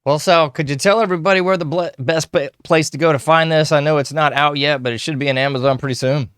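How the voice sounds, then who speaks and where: A man's voice: fairly high pitch, steady tone, fast, a bit bright, clean tone, no echo, studio quality. A man hosting a podcast interview, easygoing and loose in his talk. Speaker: podcast host. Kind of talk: casual interview chat.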